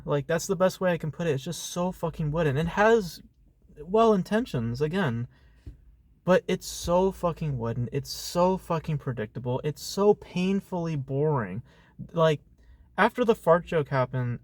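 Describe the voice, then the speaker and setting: Man, film reviewer, casual rant, profane, exasperated, medium pitch. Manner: profane, exasperated, heavy on fillers and rhetorical asides. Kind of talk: casual ranting movie review.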